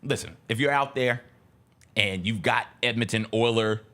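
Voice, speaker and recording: A man co-hosting a sports talk show, telling jokey stories in animated banter. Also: fairly low pitch, normal speed.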